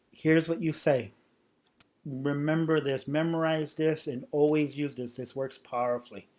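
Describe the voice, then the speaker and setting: Speaking a little high, a little slow, and with a slightly mellow quality, a man gives unscripted instruction on a sales technique. As a trainer, he frequently restarts or repeats phrases and performs sample lines.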